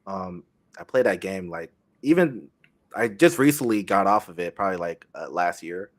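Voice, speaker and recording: A man's voice: low-pitched, animated, normal speed. A man in his thirties, a streamer guest on a podcast, speaking in an easygoing way with many ums. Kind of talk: casual interview chat.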